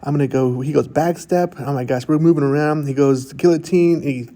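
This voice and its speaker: A man's voice: a little high, fairly even intonation, fairly quick, dark tone. A middle-aged man casually narrating his own jiu-jitsu roll in a voice-over, goofy and self-mocking, chatting through each move.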